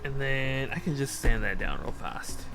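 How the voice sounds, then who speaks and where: A man streaming casually as he builds a model kit. He rambles, asks himself questions and counts steps out loud while he works. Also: medium pitch, sing-song, moderate pace, vocal fry, over music. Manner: easily sidetracked, lots of restarts and rhetorical questions.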